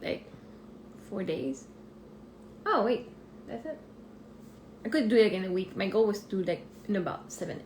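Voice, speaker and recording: A woman, a life coach rambling excitedly and thinking aloud in a casual live stream from her phone. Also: medium pitch, slight background noise. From Canada. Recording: roomy echo.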